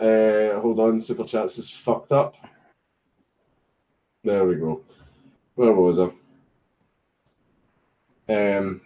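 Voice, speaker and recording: With a puppy distracting him, a Scottish man on a home live stream casually goes through viewer messages, swearing and joking. The recording is low-quality, and his voice is medium-pitched and mellow.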